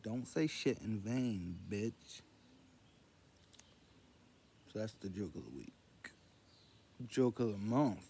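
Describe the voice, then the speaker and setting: Man, low voice, slow drawl, rambling casual jokes, faint background hiss. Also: dark tone. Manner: meandering, loose, quoting others in a low murmur. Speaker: vlogger telling jokes.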